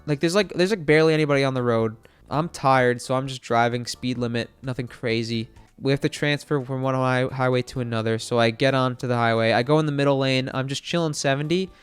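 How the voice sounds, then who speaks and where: A man's voice: mid-range voice, a little fast, clear, resonant tone, faint music behind. A young man streaming, telling a rambling casual story with many fillers and swearing.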